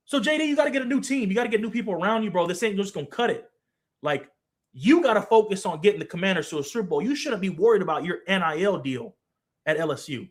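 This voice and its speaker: A man's voice: high-pitched, very animated, fast talker, fairly bright tone. A man in his twenties hosting his own show, giving a passionate, blunt opinion monologue with casual slang and swearing, talking straight to the person he criticizes. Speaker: show host, former football player.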